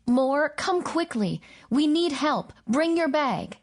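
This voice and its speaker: A woman's voice: fairly high pitch, expressive, measured pace, pitched above the performer's own voice. Woman doing a young nervous woman, raised voice. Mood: anxious. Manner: anxious, urgent.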